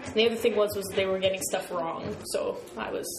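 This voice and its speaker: A woman's voice: medium pitch, steady tone, a little fast. A woman co-hosting a casual podcast chat, chatty and musing aloud with easy laughter. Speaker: podcast co-host. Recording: roomy echo with clear background noise.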